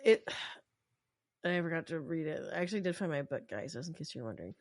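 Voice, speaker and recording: A woman's voice: low-pitched, animated, brisk, no room sound. Chatty woman on a dry mic. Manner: rambling, heavy on filler words. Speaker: podcast co-host. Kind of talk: casual podcast chat.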